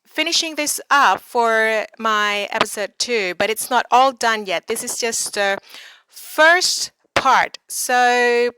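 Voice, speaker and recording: A woman with a bright, crisp, clear tone teaches English in a casual vlog. She chats along and repeats example words slowly so they sink in. The sound is close and dry, with no room around it. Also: on the high side, dry recording. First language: Thai.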